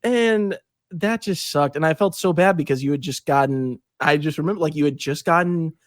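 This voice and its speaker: A young man hosting a podcast, telling a story in casual chat, animated and swearing, acting out quotes with big jumps in pitch. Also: moderate pace, no echo, studio quality. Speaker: podcast host.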